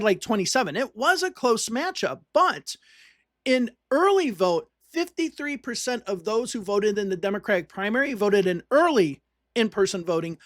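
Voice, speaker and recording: A relaxed commentator from the northern United States talks through the news in a loose, conversational way. The voice sits in a middle range. It is recorded close and dry, with no room sound. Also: mid-range voice, dry recording. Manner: conversational, reads on-screen text aloud and repeats points for emphasis. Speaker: political commentator. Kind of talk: casual political commentary.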